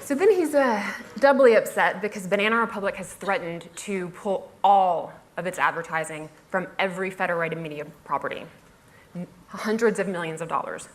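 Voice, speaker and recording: A woman's voice: on the low side, normal speed, slight background noise. A woman giving a humorous storytelling talk on a festival stage, wry and self-mocking, often laughing through her lines. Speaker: conference speaker.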